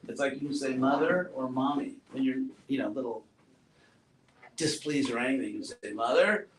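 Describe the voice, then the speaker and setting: A man giving a relaxed classroom talk, asking his students questions and adding playful asides. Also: medium pitch, moderate pace. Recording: roomy echo, far from mic, faint noise.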